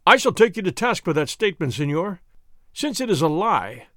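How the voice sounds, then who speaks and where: A man's voice: sits high, big pitch swings, normal speed, dry recording, studio quality. A man voicing a bold, dashing masked swordsman who talks in a proud, taunting, declamatory way. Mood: defiant.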